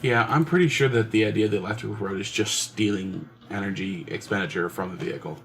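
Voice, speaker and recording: A man with a fairly low voice talks loosely on a gaming livestream. He reads viewer comments and thinks aloud about them. He slips easily into mock-offended banter. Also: quick pace, a bit bright. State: sick. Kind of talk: casual livestream chat, reading viewer comments.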